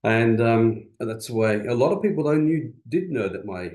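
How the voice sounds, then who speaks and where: A man's voice: medium pitch, expressive, moderate pace, darkish tone, rough recording. An Australian man from Western Australia, giving an informal, rambling talk on a video call with many fillers. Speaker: seminar speaker.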